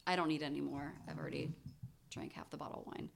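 Low-voiced woman telling a story casually. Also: fast talker, vocal fry, slight background noise. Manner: chatty, animated storyteller with many fillers. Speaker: podcast co-host.

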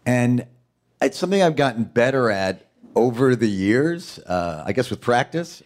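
A man from Queens, an actor, chatting as a guest in a jokey, animated way and slipping into impressions. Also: medium pitch, a little slow. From Queens, New York. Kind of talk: casual interview chat.

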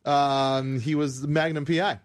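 A man's voice: a little high, fairly even intonation, a little slow, no room sound. A man co-hosting a podcast, chatting casually with dry teasing remarks. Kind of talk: casual chat.

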